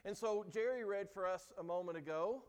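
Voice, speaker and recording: Man giving a sermon, kinda high voice, earnest, church hall echo. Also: brisk, clean tone. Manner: earnest preaching, acts out quoted lines with rising emphasis. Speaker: pastor. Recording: long hall reverb.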